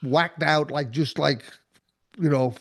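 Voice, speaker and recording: A male guest in casual conversation, insistent and rambling, talking over the host. His voice is high for a man, and the recording is dry and close. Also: takes it slowly, creaky, no echo.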